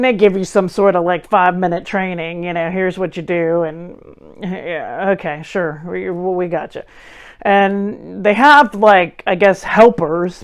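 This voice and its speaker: A woman in her forties hosting a show, telling a personal story with wry, self-deprecating humor. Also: mid-range voice. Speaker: host. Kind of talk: casual storytelling monologue.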